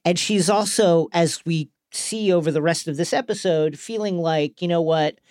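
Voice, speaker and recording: A man's voice: on the high side, moderate pace, darkish tone, smooth, dry recording, clean studio sound. A man co-hosting a podcast, recapping an episode in casual chat with a playful, joking manner. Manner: playful, retells scenes with quoted voices. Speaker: podcast co-host.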